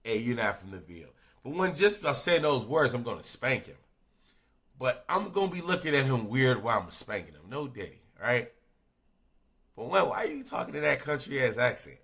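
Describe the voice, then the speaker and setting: Guy reacting to a video on stream, cussing and asking questions he doesn't want answered, bright tone. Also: mid-range voice, normal speed, gravelly. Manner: profane, animated, full of rhetorical questions. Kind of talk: casual reaction commentary.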